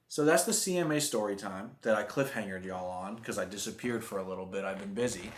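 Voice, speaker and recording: Animated young man telling a story. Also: on the low side, brisk, few pauses. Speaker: vlogger. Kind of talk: casual storytime vlog. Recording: echoey room.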